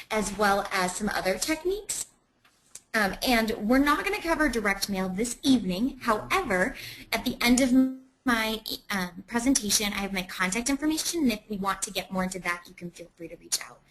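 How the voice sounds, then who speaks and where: A woman's voice: fairly high pitch, fairly bright tone, a little hiss or hum, rough recording. A woman presenting a webinar in a chatty way, with many ums.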